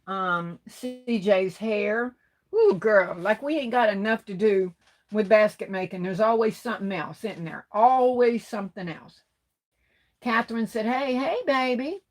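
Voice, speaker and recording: A middle-aged woman hosting a livestream, reading viewers' comments and greeting each by name as sweetheart and baby, saying y'all. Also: on the high side. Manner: Southern-style speech with y'all. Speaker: livestream host reading chat. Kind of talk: casual live-stream chat.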